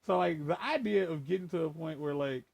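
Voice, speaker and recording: A man talking casually and rambling with lots of profanity, shifting between a playful voice and a lower, more formal one. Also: a little fast, creaky, slightly rough, no room sound. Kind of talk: casual chat.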